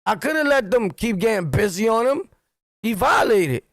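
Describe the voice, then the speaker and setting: A middle-aged man with a New York accent, a streamer telling street stories in a blunt, profane, animated monologue. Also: high-pitched, normal speed, no room sound. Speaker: streamer and commentator. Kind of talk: heated street-talk monologue.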